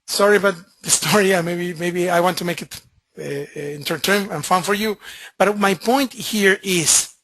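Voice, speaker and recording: A medical presenter with a Spanish accent, giving a webinar lecture in a halting way, restarting often and apologizing. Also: mid-range voice, fairly even intonation, a bit bright, dry recording.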